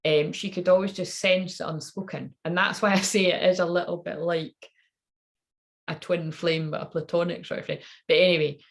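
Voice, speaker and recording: A woman's voice: lowish voice, fairly even intonation, moderate pace. A woman in her thirties, a tarot reader, telling a candid personal story in a rambling, swearing way.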